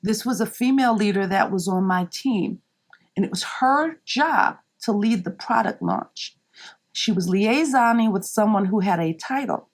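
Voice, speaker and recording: A woman's voice: medium pitch, moderate pace. A woman guest speaking candidly and emphatically, acting out other people's lines in raised voices as she tells a work story. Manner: animated, acts out quotes in raised voices; emphatic, frequent "right?" and "you know". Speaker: podcast guest, marketing leader.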